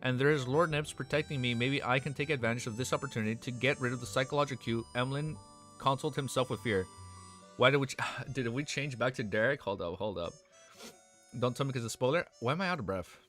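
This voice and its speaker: A young man on a live stream, reading a novel aloud and often breaking off to react with excitement. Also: medium pitch, fast talker. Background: faint background music.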